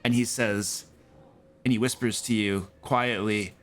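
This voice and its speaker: A man narrating a tabletop game as game master, in a measured, dramatic way. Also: on the low side, steady tone, soft background music.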